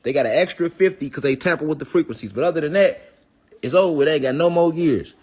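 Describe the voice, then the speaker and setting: A man in hosts a live phone stream from home. His voice sits a touch high for a man, and he rattles off viewers' names in loose, slangy chat. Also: fast, a little mellow, slightly rough. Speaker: livestream host. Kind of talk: casual livestream chat.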